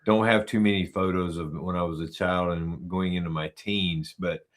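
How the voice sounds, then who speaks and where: Easygoing male podcast host, low voice, short affirming replies. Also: steady tone, moderate pace. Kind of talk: conversational interview.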